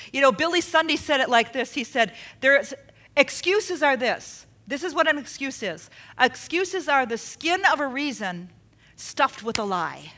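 Woman preaching, bright higher voice, acts out the quotes, goes real quiet for emphasis. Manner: expressive, acts out quotes with dramatic drops in volume. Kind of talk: sermon.

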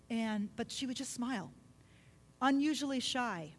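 A middle-aged woman preaching a sermon, telling a personal story earnestly and dropping to a soft hush at emotional points. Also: expressive, a little slow. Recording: long hall reverb with faint low rumble.

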